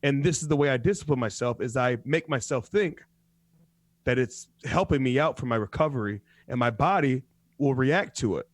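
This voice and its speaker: A man's voice: mid-range voice, normal speed, no echo. A man co-hosting a radio talk show, telling stories in profane casual chat and laughing often. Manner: animated storytelling, laughs often. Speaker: co-host.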